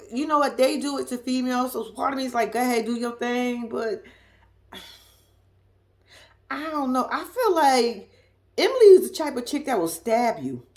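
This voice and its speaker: A woman with a Southern US accent giving a blunt, sassy, laughing casual commentary as a vlogger. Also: high voice. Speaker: reality TV recap vlogger.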